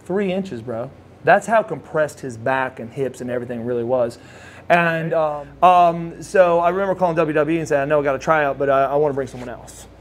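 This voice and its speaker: A man's voice: a little high, a little fast. A man in his forties, a former wrestler, telling stories in a casual interview and acting out the voices of people he quotes. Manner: animated storyteller acting out quotes. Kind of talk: storytelling shoot interview.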